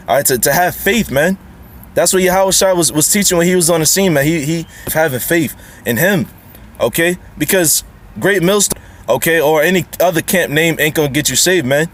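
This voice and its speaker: A man giving an informal sermon to the camera. He talks in a casual, repetitive way, ends his lines with "man" and "okay?", and reads scripture aloud slowly between his remarks. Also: on the high side. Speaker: lay preacher.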